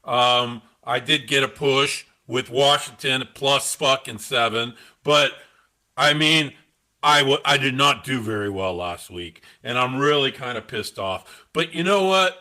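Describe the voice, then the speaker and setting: Man, podcast co-host, slow talker, bright edgy tone, profane teasing. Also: mid-range voice, low-quality recording. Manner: profane, mocking, sing-song teasing. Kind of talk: casual sports betting podcast rant.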